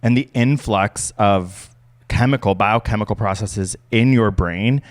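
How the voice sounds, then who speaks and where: Animated low-voiced podcast host. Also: male voice, a little slow. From Canada. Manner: animated storyteller, acts out quoted voices. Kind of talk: casual chat.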